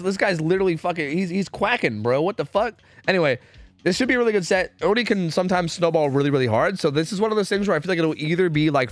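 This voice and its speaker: A man's voice: medium pitch, no room sound. A young man casting esports scrims live on stream, profane and trash-talking as he commentates.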